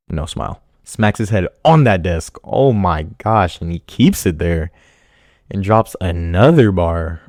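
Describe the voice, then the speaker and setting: Male commentator, casual reaction talk, low voice with lively swings, jokey and slangy. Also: unhurried, no echo, studio quality. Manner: animated, joking, laughing, slangy.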